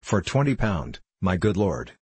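A man voices a frightened old peasant who pleads and fawns before a lord. The voice is deep and husky. It sounds dry and close. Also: very animated, unhurried, darkish tone, no room sound, full character voice. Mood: pleading. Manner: pleading, obsequious. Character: poor cringing old man, fawning and frightened.

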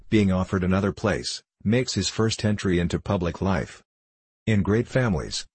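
A male narrator reading a classic novel in a measured, even way. His voice is deep and slightly husky, recorded dry and close. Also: no room sound. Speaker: audiobook narrator.

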